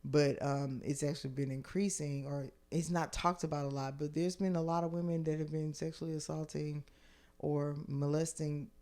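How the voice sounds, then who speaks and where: A woman comedian as a podcast guest, telling stories in casual chat, acting out quotes and swinging from hushed to loud, with lots of fillers. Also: low-pitched, moderate pace. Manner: animated storyteller who acts out quotes with big swings from hushed to loud; filler-heavy speech with many likes and restarts.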